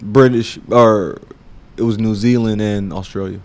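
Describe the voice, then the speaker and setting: A man's voice: fairly low pitch, steady tone, measured pace. A man co-hosting a comedy podcast, teasing dryly and rambling through jokes. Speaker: podcast co-host. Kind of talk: casual comedic chat.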